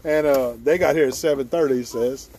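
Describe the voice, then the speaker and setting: Laughing hunter telling a story. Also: male voice, medium pitch, fairly quick, warm tone, a little hiss or hum. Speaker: hunting video host. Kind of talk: casual storytelling. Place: outdoors at a boat launch before dawn.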